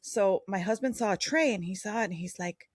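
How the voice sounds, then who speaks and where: A woman's voice: mid-range voice, fairly quick, no room sound, clean studio sound. A woman co-hosting a podcast who tells long, rambling anecdotes in casual chat. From Chicago. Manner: rambling anecdotes with fillers and restarts. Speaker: podcast co-host.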